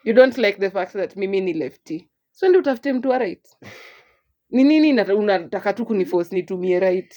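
A young woman with a Kenyan accent, co-hosting a casual podcast chat in an animated way. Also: medium pitch, fairly quick. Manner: animated, mixes English and Swahili, laughs often. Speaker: podcast co-host.

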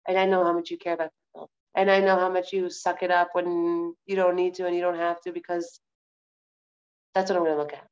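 Woman voicing God, low and gentle. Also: level tone, brisk, muffled recording, close to an everyday voice. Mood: tender. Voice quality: soft, low and reassuring. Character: gentle forgiving God, a calm male presence. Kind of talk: online Torah class.

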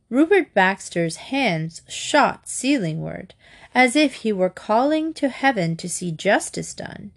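A woman narrating a comic novel in a wry, expressive audiobook reading. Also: fairly high pitch, slow pace.

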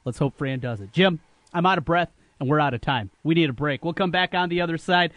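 Emphatic high-voiced male radio host. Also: fairly quick, no room sound, highs cut off. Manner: animated, emphatic, opinionated. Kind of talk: sports talk radio. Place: radio studio.

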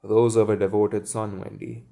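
A man reading the lines of a blunt, puzzled boy who won't grow up, in his own low voice. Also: level tone, moderate pace, vocal fry, mellow.

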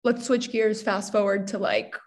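A woman hosting a casual interview, asking questions and adding her own reflections in a relaxed way. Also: mid-range voice, moderate pace. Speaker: podcast host.

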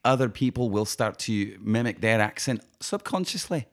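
A man's voice: lowish voice, expressive, normal speed, vocal fry. A man hosting and acting in an improv comedy scene, earnest and prone to repeating himself. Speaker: improv podcast host.

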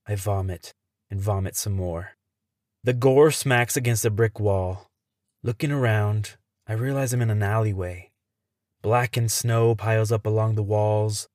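A man who hosts a podcast, telling a tense first-person story in a measured way. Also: on the low side, a little mellow, no echo, studio quality.

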